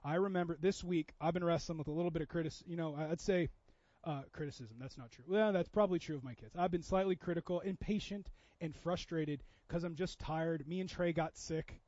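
Pastor, man, thirties, high tenor, chatty sermon delivery, dry and slightly dull recording. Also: a little fast, few pauses, a little mellow, dry recording. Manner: conversational preaching, acts out quoted voices.

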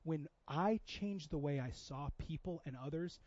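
A man's voice: fairly high pitch, unhurried, darkish tone, no room sound, highs cut off. A man in his thirties preaching a conversational sermon, acting out quoted voices as he goes. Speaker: pastor.

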